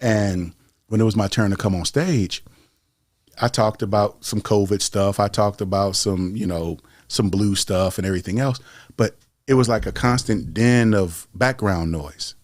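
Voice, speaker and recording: Man, low voice, rambling crude storyteller, dry close sound, casual group chat. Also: measured pace, darkish tone, no echo. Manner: rambling joke-telling storyteller, profane. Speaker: stand-up comic in group chat.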